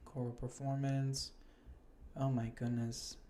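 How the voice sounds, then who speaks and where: A young man with a mellow, warm voice chatting casually on a podcast. He reads nomination lists at a slow, unhurried pace and drops swear words freely. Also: mid-range voice, little pitch movement. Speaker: podcast host. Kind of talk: casual chat reading award nominations.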